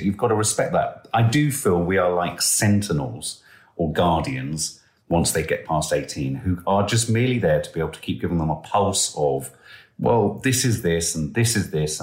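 A man's voice: deep voice, a little fast. A middle-aged man co-hosting a parenting podcast, telling stories animatedly and acting out the voices of the people he quotes. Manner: animated storyteller who acts out quoted voices. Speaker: podcast co-host. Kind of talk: casual podcast chat. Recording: roomy echo.

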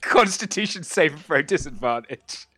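A man's voice: fairly high pitch, animated, normal speed, bright, forceful tone, breathy edge, no room sound. A man narrating as game master of a tabletop game, rambling with many fillers.

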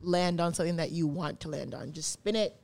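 A young woman hosting a podcast, talking in a blunt, profane and excitable way. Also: lowish voice, a little fast. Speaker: podcast host. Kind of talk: casual chat.

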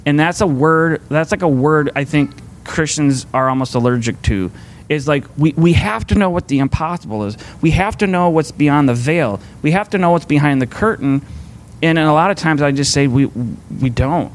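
A man's voice: a little high, expressive, normal speed, slight background noise. A man giving a casual, conversational sermon to a faith community, earnest and rambling, restarting his sentences often.

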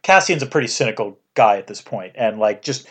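A man co-hosting a podcast in casual chat, agreeable and animated, saying yeah a lot. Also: lowish voice, a little fast, husky. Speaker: podcast co-host.

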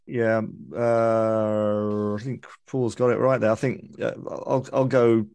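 Man, guest journalist, low voice, dry sound, easygoing chat. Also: level tone, slow pace, a little mellow, smooth, no echo. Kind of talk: casual chat.

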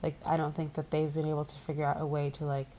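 Congested low-voiced woman podcaster. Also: monotone, fast, mellow, slight background noise. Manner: chatty, acts out quotes with laughs. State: stuffy nose, congested. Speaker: podcast co-host. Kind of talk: casual chat. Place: resort room. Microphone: video call.

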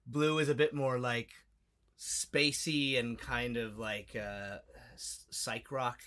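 A man guest from a band in casual chat, speaking hesitantly with many filler sounds and soft laughs. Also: mid-range voice, steady tone, slow pace.

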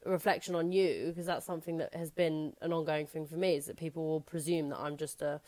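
Frank, outspoken woman, low-pitched. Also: level tone, fast talker, a little mellow, dry recording. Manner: frank and outspoken, chatty with many "like"s. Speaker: podcast co-host. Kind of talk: casual chat.

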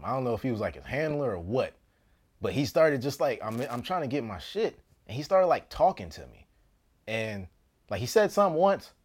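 A man tells a story from his own life in a loose, comedic way, his pitch swinging high and low as he goes. He laughs often, gets loud in the exciting moments and drops to a near hush for asides. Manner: animated, laughs often, jumps between loud bursts and hushed asides. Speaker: actor.

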